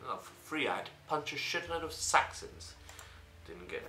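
A young man hosting a let's play, cracking jokes and cursing as he reacts to the game. His voice is bright and pitched a little high, and it swings around a lot. The room is echoey, with a faint hiss underneath. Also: big pitch swings, moderate pace. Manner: joking, swearing, laughs often. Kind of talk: game commentary.

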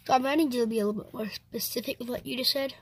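A woman's voice: a little high, steady tone, breathy edge. A woman acting out a comic skit, switching playfully between characters. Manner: playful, switching voices quickly. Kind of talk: comedy skit acting several roles.

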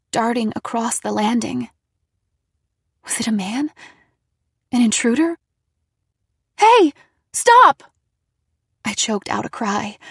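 Slow gravelly woman narrating a horror story. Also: on the high side, no echo, studio quality. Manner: dramatic, shifting into loud frightened shouts for quoted lines. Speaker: audiobook reader. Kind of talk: first-person audiobook narration.

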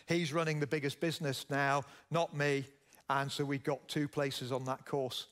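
A man's voice: on the high side, fairly bright tone. A middle-aged man from Yorkshire with a Yorkshire accent, giving a conference keynote speech and telling stories as he asks the audience questions. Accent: Yorkshire English. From Yorkshire, England. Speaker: keynote speaker, business founder. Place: conference stage.

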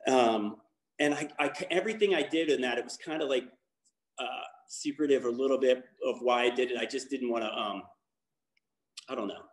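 The echoey room carries a medium-pitched man talking at a moderate pace: a guest speaker from Baltimore who coaches lacrosse. His testimony is candid and rambling, broken up by fillers and restarted sentences.

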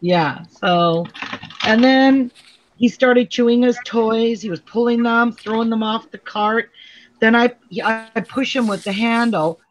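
Sewing at home, a middle-aged woman from Canada hosts a relaxed quilting tutorial full of stories and frequent laughter. She speaks slowly in a fairly high-pitched voice. There's faint noise over a dull, lo-fi recording.

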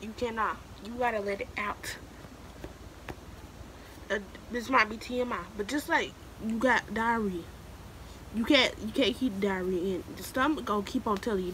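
Speaking at a moderate pace in a fairly high, somewhat bright voice, a young woman in her late teens advises new students on camera. Her tone is casual yet emphatic and preachy; she repeats points and keeps addressing the listener as "baby." There's a little hiss or hum on the rough recording.

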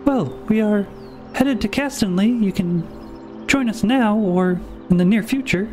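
A man's voice: sits high, measured pace, dark tone, soft background music. A man speaking in character in a tabletop game, polite and dry, sometimes correcting his own words. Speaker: player. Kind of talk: casual in-character play.

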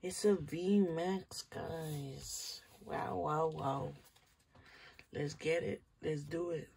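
A host opens trading cards on his channel, addressing viewers directly in a chatty, casual way and getting excited about good pulls. His mid-range voice is gravelly with a breathy edge, and he speaks very slowly.

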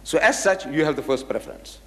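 A man's voice: on the high side, brisk, a little hiss or hum. Guy lecturing to a big crowd, acts out all the quotes, voice bouncing all over, lots of hall echo. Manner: animated storyteller who acts out quoted dialogue. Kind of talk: public lecture with anecdotes. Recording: echoey hall reverb.

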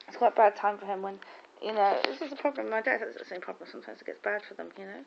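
A woman's voice: medium pitch, creaky, noisy background. A woman in casual chat, telling rambling, gossipy stories full of restarts. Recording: dull lo-fi recording.

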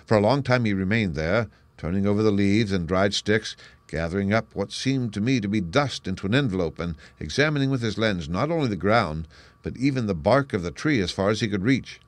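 Low-voiced man narrating steadily. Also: no room sound. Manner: steady, measured reading. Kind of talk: scripted audiobook narration.

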